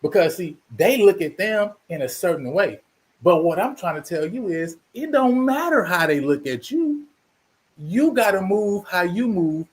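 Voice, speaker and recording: A man's voice: high-pitched, expressive, unhurried. A man hosting his channel, delivering an emphatic, preachy commentary monologue and repeating himself for emphasis. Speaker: channel host.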